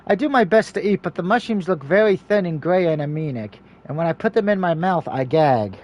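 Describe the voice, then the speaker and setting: Man, high-pitched voice, game streamer, reads game text aloud, joking asides. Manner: mixes steady reading with quick, jokey asides.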